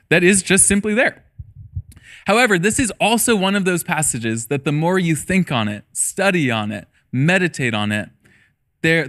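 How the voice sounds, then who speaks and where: A man's voice: a little high, fairly bright tone. A man in his thirties, a middle school pastor, preaching a casual sermon with personal stories and jokes. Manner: casual storytelling with jokes and laughter.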